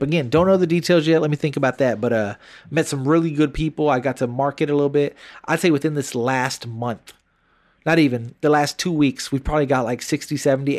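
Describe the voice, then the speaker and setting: Young man, casual podcast co-host, animated storyteller, swears a lot. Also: mid-range voice. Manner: animated storyteller, acts out quotes, heavy swearing.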